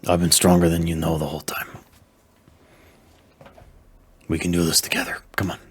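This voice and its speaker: A man voicing a loyal male vampire who speaks slowly, calmly and softly. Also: sits low, breathy edge. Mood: gentle. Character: loyal steadfast male vampire, quiet and firm.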